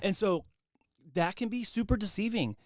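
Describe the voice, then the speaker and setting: A man's voice: high voice, animated, moderate pace, dry recording, clean studio sound. A man in a casual podcast conversation, talking emphatically and encouragingly with many likes. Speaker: videographer guest.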